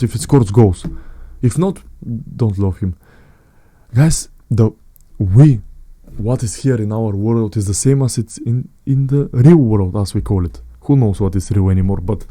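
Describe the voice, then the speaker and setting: A man's voice: medium pitch, dark tone, no room sound, studio quality. A man, talking to his viewers in a blunt, earnest way about self-improvement, often repeating phrases and calling them guys. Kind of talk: direct-to-camera motivational talk.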